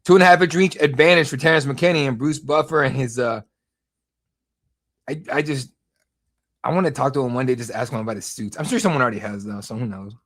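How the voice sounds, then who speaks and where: Bright-voiced, excitable fight stream host. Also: male voice, mid-range voice, brisk. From United States. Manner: excitable, profane, rambling. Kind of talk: casual live fight commentary.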